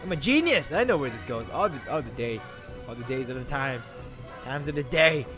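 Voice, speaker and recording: A man's voice: mid-range voice, expressive, fairly quick, music in the background. A young man doing jokey horror game commentary, rambling to himself and yelping when startled. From Philippines. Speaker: gaming YouTuber.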